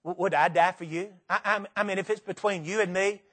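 A man with a Southern accent preaching a sermon in a church, earnest and repetitive, stressing key phrases slowly. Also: high-pitched, fairly even intonation, fairly bright tone. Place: church sanctuary.

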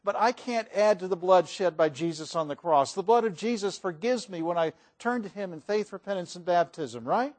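A man preaching a sermon in a church, folksy and emphatic, rising and falling in loudness for emphasis. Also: sits high, expressive, normal speed, hardly any pauses.

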